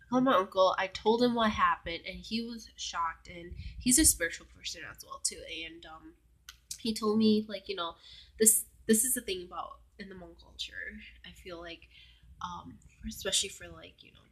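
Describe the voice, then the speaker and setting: A woman's voice: mid-range voice, normal speed, a bit bright, husky. Chatty young woman telling a story. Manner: chatty, full of "like" fillers, drops to a whisper at times. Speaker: vlogger. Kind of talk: casual storytelling vlog.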